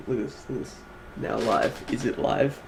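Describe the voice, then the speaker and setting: A tired man co-hosting a stream from a home desk, answering in short, dry remarks. His voice is gravelly with vocal fry, and the recording carries clear background noise. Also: medium pitch, moderate pace. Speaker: co-host of an awards stream. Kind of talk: casual stream chat. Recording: noisy home stream audio.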